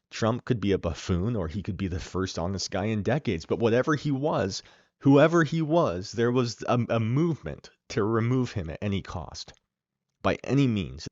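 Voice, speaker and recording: A man's voice: fairly low pitch, a little mellow, no room sound. A man hosting a podcast, delivering a sarcastic, opinionated political monologue with emphatic stresses. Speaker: podcast host. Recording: dull lo-fi dry recording.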